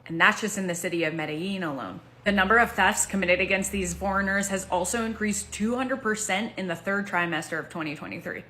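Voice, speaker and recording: A woman delivering brisk, pointed voice-over commentary. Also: medium pitch, sharp tone.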